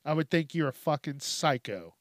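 A man's voice: a little high, expressive, normal speed, dry recording, clean studio sound. A man hosting a comedic news commentary, ranting with lots of swearing and frequent laughter. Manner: profane, ranting, laughs often. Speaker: host.

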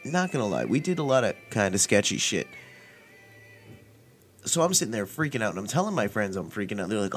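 A laid-back man telling a story on his own podcast, rambling and swearing casually. His voice sits at an ordinary middle pitch. Faint music plays softly beneath him. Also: lively intonation, fast. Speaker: podcast host.

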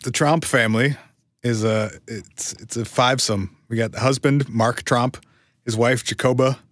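A man's voice: mid-range voice, steady tone, moderate pace, a bit bright, dry recording. A man co-hosting a podcast in casual chat, making dry, sardonic asides. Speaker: podcast co-host.

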